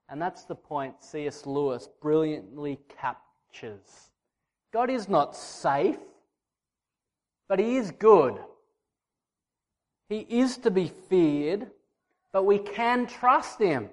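Male preacher, high-pitched, casual and direct with his congregation. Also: animated, slow pace, pauses often. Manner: conversational, teasing the congregation. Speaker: pastor. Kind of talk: sermon.

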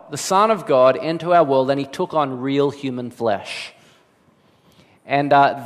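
A man preaching a sermon as a pastor, animated, switching into quoted voices with big jumps in pitch. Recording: long hall reverb.

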